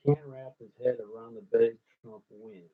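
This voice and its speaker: A man hosting his own show, ad-libbing and thinking out loud as he tries rhyming lines, swinging between loud and hushed. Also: mid-range voice, fairly even intonation, normal speed. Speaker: host working out rhymes. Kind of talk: ad-libbed musing monologue. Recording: tinny phone-like sound.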